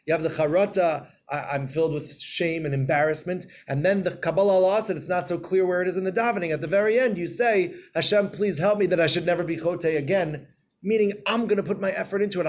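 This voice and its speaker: A man giving a Torah class in a storytelling way, acting out scenes and getting loud and animated. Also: high voice, fast, creaky, slight background noise.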